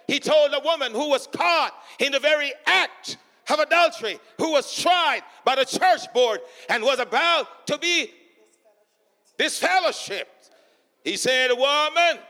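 A male preacher with a very high, bright voice delivers his sermon slowly, leaning on repeated refrains and breaking into shouts. His voice rings out with a long reverb across a large church hall.

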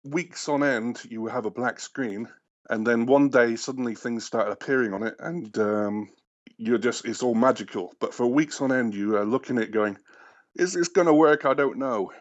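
A man's voice: medium pitch, fairly even intonation, normal speed, no echo, lo-fi sound. A man in a casual team meeting, laughing often and rambling through his update with many restarts. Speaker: game developer.

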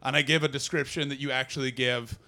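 A man telling a comic story on a podcast, animated and breaking into loud impressions. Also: medium pitch, fast, gravelly. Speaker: comedian and podcast host.

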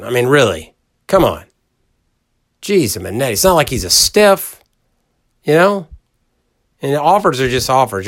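Here the podcaster sounds mid-range and fairly bright, a middle-aged man chatting casually about college football. His storytelling is folksy and meandering, heavy on emphasis and addressed straight to the audience, and he performs the voices in his quotes.

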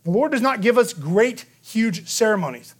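A man preaching a sermon, telling the story lively and acting out the quotes, with a frequent "okay?" to the room. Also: high-pitched, moderate pace. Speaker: pastor.

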